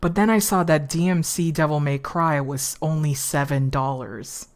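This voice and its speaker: A woman's voice: low voice, moderate pace, hardly any pauses. A woman streamer, chatting casually and swearing freely as she drifts between topics. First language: Spanish.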